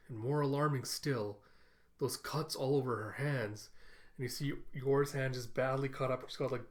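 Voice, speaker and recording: A man hosting an anime reaction, recapping the episode in a chatty, amused way. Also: mid-range voice. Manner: chatty, amused, laughs often.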